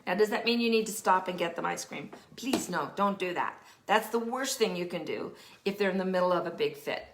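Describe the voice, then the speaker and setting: Animated woman giving parenting advice. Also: mid-range voice, reverberant. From Denver area, United States. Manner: animated, acts out quoted children and parents, drops to a whisper for emphasis. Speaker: parenting specialist, teacher. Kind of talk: casual explanatory advice talk.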